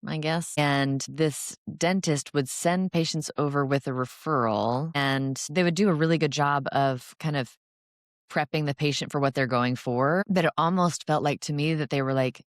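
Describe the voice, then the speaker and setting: Very low-voiced chatty woman. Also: moderate pace, dry recording, studio quality. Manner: chatty, acts out quotes of patients and colleagues. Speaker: oral surgeon podcast host. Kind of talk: casual professional chat.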